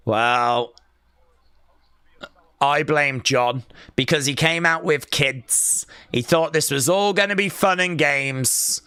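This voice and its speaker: A man hosts a live wrestling watch-along, calling the action with sarcastic, teasing remarks. His voice sits fairly high and bright, and he speaks at an unhurried pace. The sound is close and dry. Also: clear, resonant tone, no echo. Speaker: live stream host.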